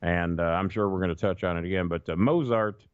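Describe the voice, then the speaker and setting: A man's voice: sits low, a little fast, clean tone, no room sound. A middle-aged man, rambling through profane anecdotes on a podcast and acting out what other people said. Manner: profane, rambling anecdotes, acts out quoted voices. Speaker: podcast guest. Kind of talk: casual storytelling chat. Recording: dull lo-fi dry sound.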